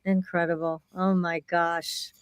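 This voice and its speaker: A woman hosting a radio call-in show, brisk and quick with short reactions. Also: on the low side, little pitch movement.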